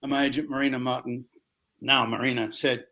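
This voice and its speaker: An older man with an Australian accent, a guest actor telling lively anecdotes in an interview and acting out other people's voices. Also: mid-range voice, fairly quick.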